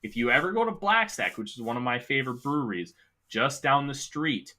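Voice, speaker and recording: Bright-voiced opinionated sports podcast host. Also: male voice, medium pitch, lively intonation, brisk. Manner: opinionated, emphatic. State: has the hiccups. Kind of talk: casual sports talk.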